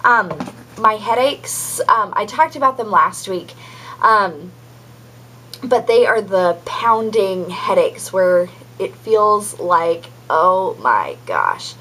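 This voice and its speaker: A woman's voice: mid-range voice, slow, pushed and bright, a little hiss or hum, rough recording. A young adult woman giving a casual pregnancy update vlog, chatty and rambling with many ums and likes. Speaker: vlogger.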